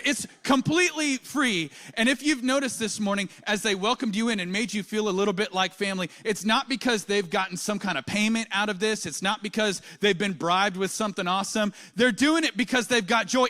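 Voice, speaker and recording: A male pastor, preaching a sermon with animated storytelling and big swings in pitch and loudness. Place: church auditorium.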